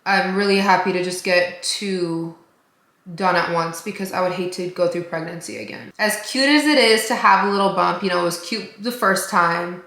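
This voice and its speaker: A woman's voice: on the low side, moderate pace, a bit bright, reverberant. A woman chatting casually while doing her makeup in a get-ready-with-me vlog, rambling with lots of fillers. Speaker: beauty vlogger.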